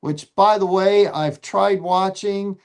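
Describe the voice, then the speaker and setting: Measured man recapping award news. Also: sits high, steady tone, darkish tone, smooth. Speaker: podcast co-host. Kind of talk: casual podcast chat.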